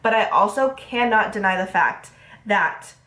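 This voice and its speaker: A woman's voice: mid-range voice, animated, fairly bright tone. Chatty nasal woman in a roomy room. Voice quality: nasal from a cold. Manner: chatty, fast, filler-heavy. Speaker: beauty vlogger. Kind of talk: casual makeup review. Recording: roomy echo.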